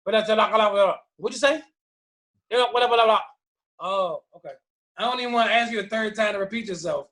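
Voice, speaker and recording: High-voiced man telling stories animatedly. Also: a little fast. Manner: animated storyteller acting out quoted voices. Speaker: podcast co-host. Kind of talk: casual chat.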